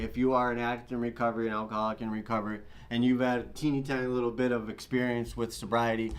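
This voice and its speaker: A man hosting his own show, giving a solo talk on recovery and sobriety, preachy and emphatic, swearing and calling his listeners "my friends". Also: mid-range voice. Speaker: host.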